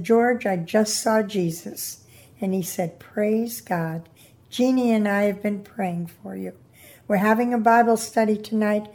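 Older woman, testimony guest, warm mellow tone, earnest storyteller. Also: medium pitch. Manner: earnest storytelling, quoting others. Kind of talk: personal testimony interview.

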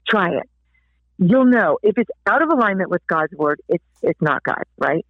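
Woman, animated storyteller, phone-line sound, dry and close. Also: mid-range voice, moderate pace, no echo. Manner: animated storyteller, acts out quoted voices. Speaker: guest author. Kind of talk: faith talk interview.

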